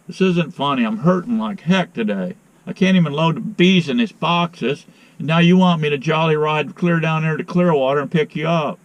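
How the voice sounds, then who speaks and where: A man's voice: on the high side, expressive, normal speed, no echo. Exasperated folksy man on the phone. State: sore arm after a shot. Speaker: outdoor vlogger and beekeeper. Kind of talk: casual vlog talk to viewers.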